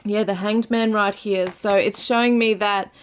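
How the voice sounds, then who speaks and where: A woman giving a gentle tarot reading to her viewers, soft and soothing, with frequent fillers. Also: medium pitch, steady tone, normal speed, clear, resonant tone. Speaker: tarot reader.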